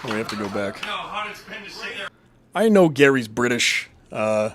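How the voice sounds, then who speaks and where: A man's voice: medium pitch, big pitch swings, unhurried, pauses often, fairly bright tone, slight background noise. A man from Massachusetts hosting a casual live show, reading chat and rambling in a crude, profane, jokey way.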